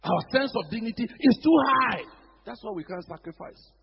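A man's voice: sits high, moderate pace, vocal fry, a little hiss or hum. A man with a Ghanaian accent preaching a sermon as pastor, acting out the voices of church members. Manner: animated preaching, mimics congregants, mixes local phrases. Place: church hall. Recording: dull echoey church hall recording.

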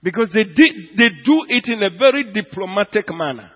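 A man preaches a sermon in a high, ringing voice, dropping to near hushes and then surging loud as he stretches key words. The recording is dull and lo-fi, with a long reverb trailing through the church hall. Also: expressive, normal speed. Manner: swings from hushed to loud, drawing out words for emphasis. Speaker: pastor.

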